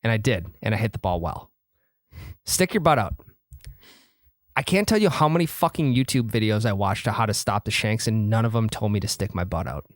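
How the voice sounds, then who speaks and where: A man co-hosting a casual golf podcast, animated and swearing freely as he tells stories. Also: lowish voice, brisk, dry recording, studio quality. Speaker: podcast co-host.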